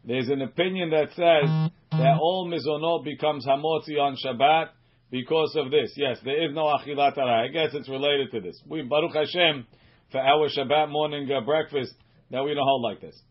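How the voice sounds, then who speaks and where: A man teaching a Talmud class as a rabbi, reading Aramaic phrases slowly and then explaining them in quick English. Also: fairly high pitch, fairly even intonation. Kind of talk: Talmud study lesson reading and translating. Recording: muffled lo-fi recording.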